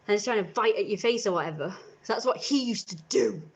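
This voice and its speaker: Streaming live from home on a camera mic, a young woman vlogger chats and rambles, acting out little scenes punctuated by sudden squeals. Her mid-range voice is expressive and quick.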